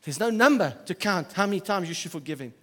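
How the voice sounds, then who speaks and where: Man, pastor, sermon, high voice, loud emphasis and soft asides, long hall reverb. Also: quick pace. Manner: animated preaching that swings from loud emphasis to quiet, soft asides.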